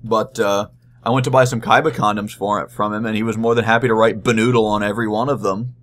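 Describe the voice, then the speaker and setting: A young man with a slightly low voice talks through a convention story in a loose, unscripted vlog. He stumbles and restarts often, filling gaps with ums and uhs, and keeps a dry, deadpan edge. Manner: rambling, halting, many restarts and fillers. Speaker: vlogger. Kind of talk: casual convention recap.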